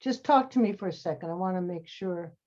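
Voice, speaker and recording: Brisk and warm, with a lowish voice, an acting teacher coaches students over a video call. She calls them sweetie and honey as she encourages them, and the sound is dull and lo-fi.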